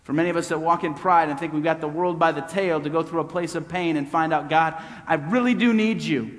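Male pastor, high voice, emphatic repetitive preaching, long hall echo. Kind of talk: sermon.

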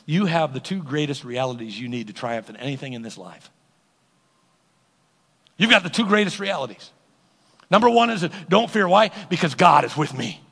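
A male pastor preaches with emphatic call-and-response energy. His voice is high, bright and gravelly. The sound carries a long reverb from a large sanctuary. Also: lively intonation, normal speed, pauses often. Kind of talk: sermon.

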